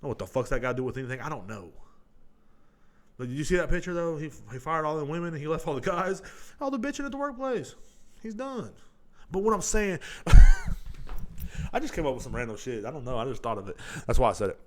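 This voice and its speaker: A man's voice: on the high side, fast talker, long pauses. A young man from Texas, hosting a casual solo podcast, rambling and ranting with lots of swearing. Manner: profane, rambling, animated ranting. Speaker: podcast host.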